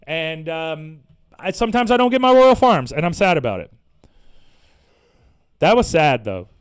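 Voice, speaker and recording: High-voiced man ranting with profanity. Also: moderate pace, smooth. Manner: animated, profane, exasperated ranting; sarcastic, slangy. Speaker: podcast host. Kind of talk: casual ranting monologue.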